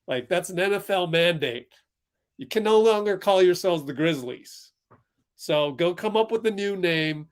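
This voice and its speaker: A man's voice: high-pitched, animated, a little slow. Heated man hosting a sports watch-along. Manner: heated, exasperated, laughing. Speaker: livestream host.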